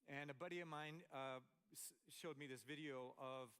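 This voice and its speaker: A man's voice: medium pitch, fairly even intonation, normal speed, fairly bright tone, smooth. An older man from Montana preaching a sermon, explaining scripture in a conversational, storytelling way with asides. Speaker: pastor.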